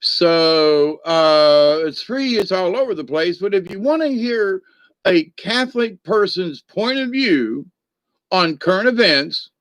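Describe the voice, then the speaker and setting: A man's voice: fairly high pitch, a bit bright, no room sound. A middle-aged man hosting a Catholic channel in a rambling, jokey livestream chat, cackling with laughter often.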